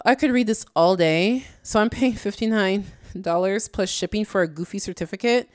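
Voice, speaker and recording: A woman's voice: mid-range voice, normal speed, no room sound, studio quality. A woman giving casual, exasperated reaction commentary, slangy and tired late at night. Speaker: YouTube commentator.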